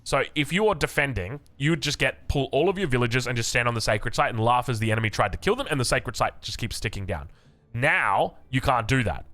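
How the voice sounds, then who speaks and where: A man's voice: mid-range voice, expressive, a little fast, fairly bright tone. An Australian man giving casual, joking commentary on game patch notes, chatty with frequent restarts and asides. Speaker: gaming content creator.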